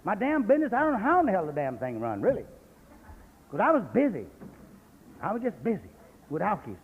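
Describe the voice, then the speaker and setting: Folksy profane man, high animated voice. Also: a little fast, breathy edge. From San Jose, California. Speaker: AA speaker. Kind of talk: recovery talk storytelling. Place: convention hall. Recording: echoey hall on lo-fi 1980s cassette.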